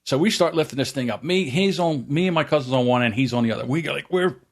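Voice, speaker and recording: Male podcast host, casual storyteller, animated delivery. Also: fast talker. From New Jersey shore area. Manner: animated, acts out quoted voices in a high pitch. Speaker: podcast host telling family stories.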